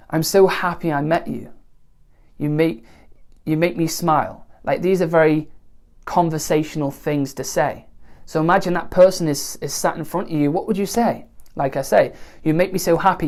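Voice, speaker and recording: A woman teaching songwriting in a relaxed, conversational way, often pausing to check in with the listener. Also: low voice. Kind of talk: spoken songwriting lesson to camera.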